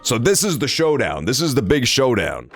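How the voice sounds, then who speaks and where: A man's voice: mid-range voice, sing-song, moderate pace, gravelly, fairly bright tone, faint music behind. A man streaming a game, joking, rambling and swearing casually as he plays. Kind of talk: casual gameplay commentary.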